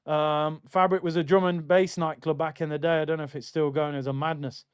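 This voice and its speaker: A man's voice: fairly high pitch, level tone, a little fast, smooth, highs cut off. A man hosting a football watchalong stream, chatting loosely and reading out viewer comments. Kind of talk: casual live-stream chat.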